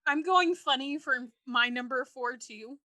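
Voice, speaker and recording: Woman, podcast co-host, high voice, bright tone, animated storytelling, dry sound. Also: measured pace, no room sound. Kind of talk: casual podcast chat.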